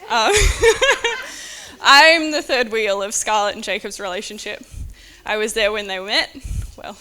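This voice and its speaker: A woman's voice: a little high, lively intonation, slow, sharp tone. A woman, the bride's sister, giving an unscripted wedding speech on a handheld mic, nervous, giggly and close to tears. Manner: nervous, giggly, tearful, chatty. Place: indoor wedding reception venue.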